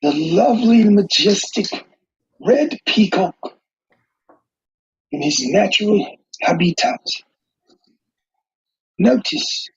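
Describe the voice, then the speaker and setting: A man putting on the voice of a nature documentary narrator, marveling in a grand way with a gravelly, raspy tone. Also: sits high, lively intonation, slow, long pauses, voice pushed up, heavily acted. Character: hushed-awe male nature documentary narrator. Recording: dull lo-fi sound.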